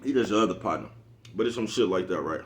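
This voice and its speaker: A man's voice: sits low, expressive, fast talker. A man, talking casually to camera, rambling, repeating "you know what I'm talking about" and laughing at his own jokes. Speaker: vlogger. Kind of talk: casual monologue.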